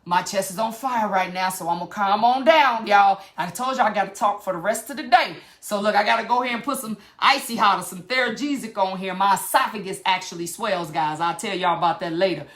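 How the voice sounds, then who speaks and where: A woman's voice: medium pitch, a little fast, few pauses, a bit bright. A middle-aged woman, giving an impassioned motivational talk straight to her viewers. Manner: fired-up preachy, talks straight to viewers. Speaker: vlogger.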